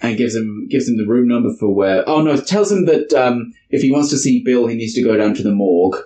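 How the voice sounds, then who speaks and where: A man's voice: medium pitch, a little fast. A man hosting a podcast, recapping a movie plot in casual chat and laughing often. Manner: lively recapping with frequent laughs. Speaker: podcast host.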